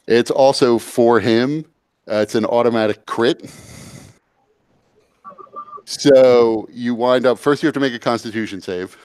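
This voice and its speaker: Slow, smooth-voiced male game master. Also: medium pitch, a little mellow, no echo. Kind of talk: narrating a tabletop game.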